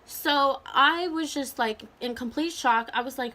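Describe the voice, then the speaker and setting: A young woman in her vlog, chatting through a personal story with lively energy. Her voice sits a little high and sounds bright and sharp, peppered with "like" and quick acted-out bits of dialogue. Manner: animated, full of "like" and acted-out quotes. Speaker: vlogger. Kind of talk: casual storytime chat.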